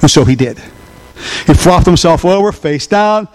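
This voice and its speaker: A man's voice: fairly high pitch, lively intonation, moderate pace, darkish tone. A man preaching a sermon, telling a story with emphasis and asking the congregation questions.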